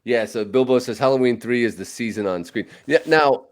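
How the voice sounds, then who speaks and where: A man's voice: medium pitch, a little fast. A man hosting a podcast, chatting casually and rambling with lots of fillers and restarts. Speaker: podcast host. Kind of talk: casual chat about movies.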